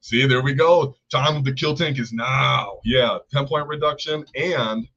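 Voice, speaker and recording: A man's voice: mid-range voice, unhurried. Man, casual live-stream chat, enthusiastic and rambling, dull lo-fi sound. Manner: enthusiastic, rambling, shouts out viewers. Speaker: co-host.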